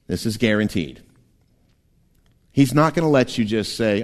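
A man preaching a sermon as pastor, animated and playful, often laughing and slipping into quick voices. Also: mid-range voice. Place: church sanctuary. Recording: long church hall reverb.

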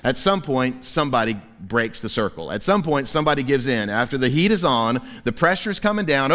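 A man preaching a sermon as pastor in a church, lively and humorous, acting out quoted voices. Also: on the high side, moderate pace, few pauses, in a large hall. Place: church sanctuary.

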